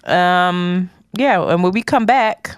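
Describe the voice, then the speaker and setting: A woman's voice: lowish voice, takes it slowly, smooth, dry recording. A woman co-hosting a podcast in a studio, teasing and laughing often in casual chat. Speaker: podcast co-host.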